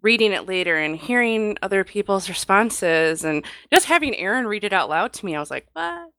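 A woman co-hosting a podcast in casual panel chat, chatty and animated, acting out what people said. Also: mid-range voice, fairly quick, no room sound. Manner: animated, acts out quotes, chatty. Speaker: podcast co-host.

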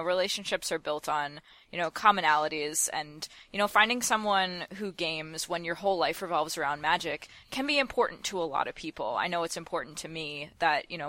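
A woman co-hosting a podcast, giving thoughtful advice at a measured pace. Her voice is fairly low and has a bright, forceful edge. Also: dry recording. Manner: thoughtful, measured, with frequent fillers. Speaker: podcast co-host. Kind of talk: casual podcast chat.

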